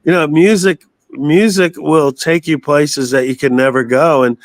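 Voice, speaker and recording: A man's voice: on the high side, a little slow, no echo. A man in his sixties from the United States, a guest telling long rambling stories in a casual interview and swearing freely. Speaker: guest, metal singer.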